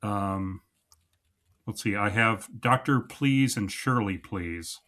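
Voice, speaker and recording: A man's voice: lowish voice, slow pace, fairly bright tone. A man co-hosting a podcast, recapping sketches in a laid-back, wry casual chat. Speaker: podcast co-host.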